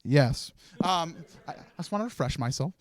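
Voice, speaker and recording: A man with a slightly high, expressive voice speaks at normal speed in a dry recording. As host of a live charity event in a live stream event room, he hands out awards while nervously rambling and laughing, giving an emotional speech with faint music behind him.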